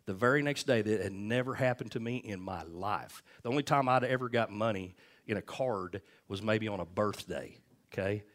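Low-voiced preacher man. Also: moderate pace. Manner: conversational preaching, frequent "amen?" and "okay?" asides, storytelling. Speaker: pastor. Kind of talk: sermon.

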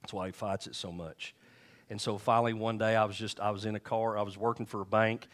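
A middle-aged man preaching from the pulpit in a somewhat low voice. He tells his stories conversationally, acting out the quoted voices and swinging between loud and soft. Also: level tone, a little fast. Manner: storytelling, acts out quotes with shifting pitch and volume. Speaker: pastor. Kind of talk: sermon.

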